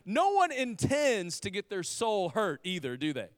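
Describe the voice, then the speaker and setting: A man in his thirties preaching with a high, bright-pitched voice. He talks to the congregation like friends, full of restarts and quick asides. The sound is dry and close to the mic. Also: no echo. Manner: energetic, conversational, frequent restarts and "like". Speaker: pastor. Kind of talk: sermon.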